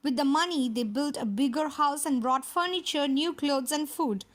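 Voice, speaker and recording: High-voiced woman reading a children's story. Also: normal speed.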